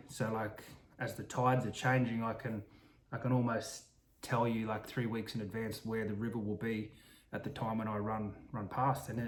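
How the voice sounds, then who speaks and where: A man's voice: on the low side, slight background noise. A man telling an improvised story in a casual, rambling way, full of restarts and asides. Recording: roomy echo.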